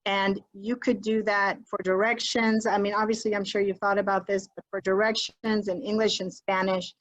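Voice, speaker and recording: Over a video call picked up by a computer mic with the highs cut off, a woman teacher, an adult with a child, runs a workshop for fellow educators. Her medium-pitched voice stays fairly flat at a moderate pace as she chats encouragingly and mixes in Spanish.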